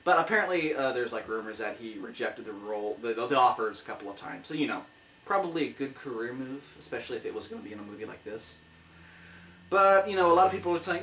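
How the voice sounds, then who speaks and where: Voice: medium pitch, animated, quick pace, fairly bright tone, slight background noise. A comic review show host giving a heated, exasperated movie review rant. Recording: roomy, mic at a distance.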